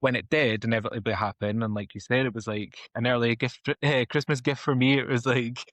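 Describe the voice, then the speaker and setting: A man, a podcast guest chatting in a relaxed, reflective way. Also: medium pitch, a little fast, no room sound. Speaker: podcast guest, freelance graphic designer. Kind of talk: casual chat.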